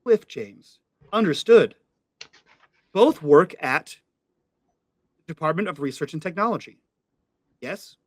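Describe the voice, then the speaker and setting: A man's voice: on the high side, animated, slow, pauses often, no room sound. A man voicing a clipped, interrogating computer. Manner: clipped, formal questions. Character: terse questioning computer, genderless.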